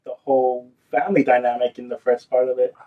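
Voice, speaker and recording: A man's voice: medium pitch, flat delivery, fast talker, muffled recording, a crowd in the background. A man co-hosting a movie review podcast, teasing his co-host and defending the film. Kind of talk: casual movie review chat.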